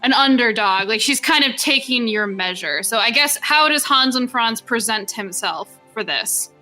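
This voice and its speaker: Woman, game master, high voice, bright tone, chatty with fillers. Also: expressive, normal speed, faint music behind. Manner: chatty, lots of filler words. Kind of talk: narrating a tabletop game.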